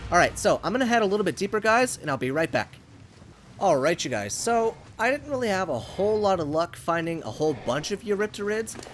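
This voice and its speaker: Young male gaming host, rambling and excitable, close USB condenser mic, quite animated, slightly high voice. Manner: excitable, rambling, talks to viewers and to the creature. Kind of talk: casual gameplay commentary. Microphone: USB condenser microphone.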